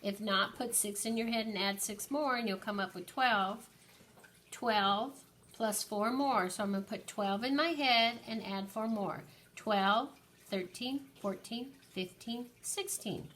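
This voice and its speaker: A woman teacher slowly and patiently counting aloud through an early-grade lesson for young children. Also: mid-range voice, fairly bright tone, slight background noise.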